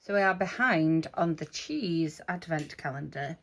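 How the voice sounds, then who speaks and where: A woman vlogger chatting casually to camera as she opens advent calendars, often breaking into drawn-out 'ooh' exclamations. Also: sits low, lively intonation, vocal fry, a bit bright, a little hiss or hum. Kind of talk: casual vlog narration.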